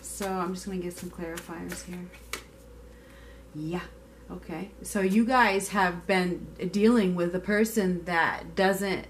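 A woman's voice: mid-range voice, a bit bright, slight background noise. A woman giving a casual tarot reading to her viewers, chatty and emphatic, now and then swearing. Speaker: tarot reader.

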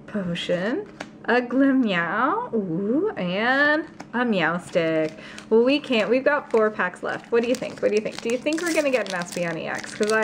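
A woman vlogging a card pack opening, gasping and gushing with excitement as she reads out each card. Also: medium pitch, slight background noise. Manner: gasping, gushing, breathless exclamations. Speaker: YouTuber opening trading card packs. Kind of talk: excited unboxing vlog.

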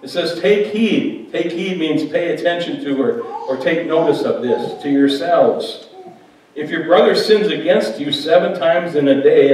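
A man with a slightly high, somewhat mellow voice preaches a sermon in a conversational way, joking with his congregation in a church hall. The recording is very echoey, with the mic placed far off.

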